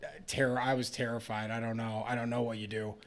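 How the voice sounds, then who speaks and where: A man's voice: level tone, fast talker. A young man hosting a casual podcast, telling a long rambling story and acting out the people in it. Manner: rambling storyteller, acts out quotes in a higher voice. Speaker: podcast host and comedian.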